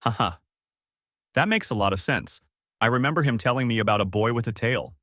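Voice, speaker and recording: A man's voice: medium pitch, expressive, fairly quick, bright, forceful tone, dry recording, studio quality. A man voicing a lecherous, playful old male martial arts master with a drawling, hesitant delivery.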